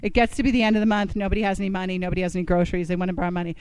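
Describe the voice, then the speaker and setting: A woman speaking to a church group, telling her own story with lots of asides and questions thrown at the audience. Her voice is smooth and clear, and the sound is dry and close. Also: lowish voice, little pitch movement, racing, a little mellow, dry recording, poor audio. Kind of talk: personal testimony talk.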